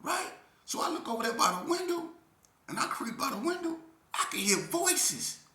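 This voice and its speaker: A man telling a story from his youth in a casual, animated way, full of slang and often checking in with the listener. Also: very high-pitched, normal speed, roomy sound.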